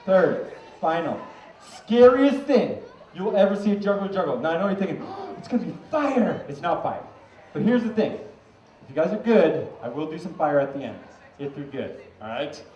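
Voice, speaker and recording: A man from Maine, his voice a little high, mellow and full of big pitch swings at a moderate pace, performs a comedic juggling act on an outdoor fair stage, teasing the crowd and mocking himself. The recording is roomy, distant and muffled, with faint ambience and slight background noise.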